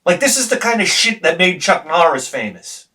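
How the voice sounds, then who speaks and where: Middle-aged male host, loose profane anecdotes, lively swooping delivery, miked from a distance. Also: high voice, moderate pace. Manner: animated, swears freely, laughs at own stories. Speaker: retro gaming channel host. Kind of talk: rambling anecdotal storytelling.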